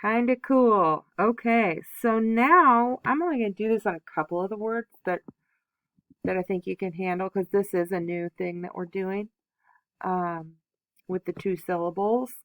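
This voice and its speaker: A woman's voice: mid-range voice, moderate pace, a bit bright, dry recording. A woman teaching young children a phonics lesson, patiently sounding out letters and syllables.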